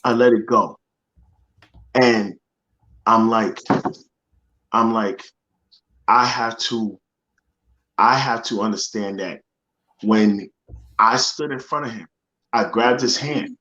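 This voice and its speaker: A man's voice: lowish voice, slow, long pauses, pushed and bright, highs cut off. A man speaking as a motivational guest, telling a personal story in conversation, earnest and often repeating phrases as he searches for words.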